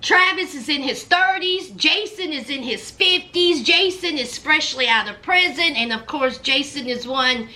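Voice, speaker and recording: Lively high-voiced woman commentator. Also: unhurried, few pauses. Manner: animated, dramatic storytelling with frequent laughter. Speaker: reality show commentator. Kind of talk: casual recap commentary.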